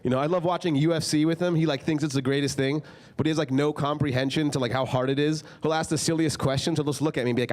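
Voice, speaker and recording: A young man tells stand-up stories on a club stage. His voice sits a little high, and he talks loosely with plenty of filler words. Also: fairly even intonation, quick pace, a little mellow. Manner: casual, filler-heavy storytelling with frequent "like". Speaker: stand-up comedian. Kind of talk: stand-up comedy set.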